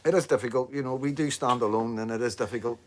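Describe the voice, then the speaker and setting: Northern Irish man, rambling live-stream talker, fillers and swearing, mid-pitched everyday voice. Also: fast talker. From Northern Ireland. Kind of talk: casual live stream monologue.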